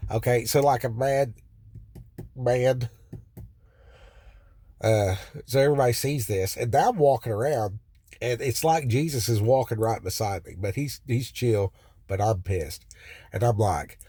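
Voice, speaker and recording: In a roadside car, a man tells a raw, rambling personal story for his vlog, swearing freely and looping back with many fillers and restarts. He has a medium-pitched, warm, slightly rough voice and speaks unhurriedly with long pauses; the studio-quality audio has no room sound.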